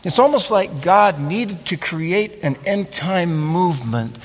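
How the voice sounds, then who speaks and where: A man preaching a sermon in an animated way, acting out scenes and asking his listeners questions. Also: sits high, slow pace, slightly rough, in a large hall. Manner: animated, acts out scenes and asks the audience questions. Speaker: pastor.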